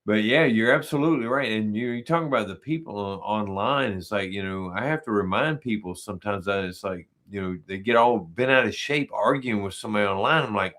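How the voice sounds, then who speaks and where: A man on a podcast with a somewhat low voice who speaks in a relaxed, storytelling way. He often slips into quoted lines as he recounts conversations, then settles back into easy chat. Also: brisk, few pauses. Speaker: podcast guest. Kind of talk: casual conversation.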